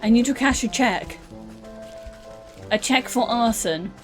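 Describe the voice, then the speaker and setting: A woman's voice: a little high, a little slow, faint music behind. A British woman from the UK who streams games as a VTuber, chatting in a playful, joking, rambling way. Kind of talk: casual gameplay commentary.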